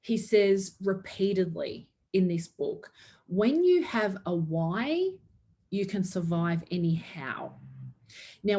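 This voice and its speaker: A woman's voice: mid-range voice, warm tone. Upbeat woman giving a motivational pep talk. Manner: upbeat and earnest, with frequent laughs. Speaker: network marketing team leader. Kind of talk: motivational talk to her team.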